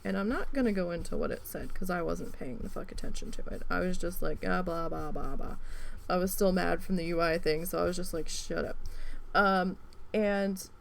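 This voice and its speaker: Woman just chatting away while she crafts, kinda low and gravelly, lots of um and like, swears a bit. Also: brisk, slight background noise. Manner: rambling, profane, many "um" and "like" fillers; animated when retelling a story. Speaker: crafting vlogger. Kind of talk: casual rambling chat.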